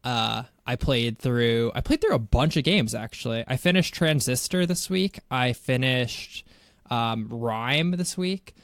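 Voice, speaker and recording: A man's voice: mid-range voice, animated, unhurried, no room sound, studio quality. A man co-hosting a gaming podcast, chatting casually and rambling with chuckles. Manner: rambling, many fillers and restarts, chuckling. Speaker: podcast co-host.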